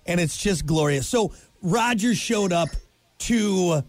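Excitable high-voiced male radio co-host. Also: dry recording. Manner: excitable, laughing, quick asides. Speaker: morning radio show co-host. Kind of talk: casual sports chat. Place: radio studio. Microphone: studio mic.

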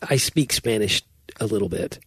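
A man's voice: lowish voice, normal speed, fairly bright tone, slightly rough, no echo. A man co-hosting a podcast in rambling, self-deprecating casual chat, laughing often. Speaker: podcast co-host.

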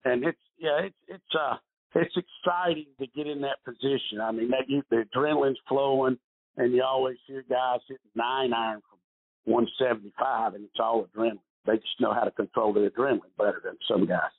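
A man's voice: medium pitch, fairly even intonation, brisk. A middle-aged man, a retired golf pro, telling rambling stories as an interview guest and often repeating his words. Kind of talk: casual storytelling interview. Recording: husky voice over a tinny phone-like line.

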